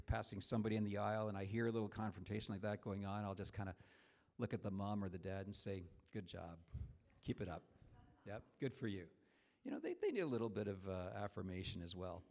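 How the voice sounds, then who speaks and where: A man's voice: fairly low pitch, creaky, a little mellow. Conversational male preacher. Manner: conversational, storytelling, frequent restarts. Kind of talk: sermon.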